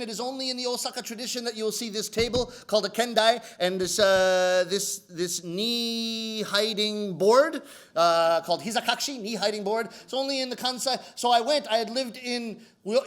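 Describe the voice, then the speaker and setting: A man's voice: extremely high pitch, fairly bright tone. A Canadian man in his forties with a Canadian English accent, telling self-mocking comic stories on stage in a chatty way. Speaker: rakugo comedian.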